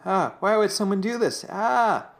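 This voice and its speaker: A man doing a shrill, panicky know-it-all. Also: a little slow, gravelly. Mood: panicked. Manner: shrill excited outbursts.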